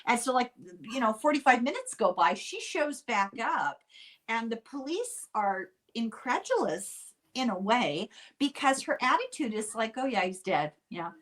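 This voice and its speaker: An older woman hosting a podcast, telling a true-crime story in a chatty, unhurried way with dry asides. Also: a little high, sing-song, a bit bright. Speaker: podcast host.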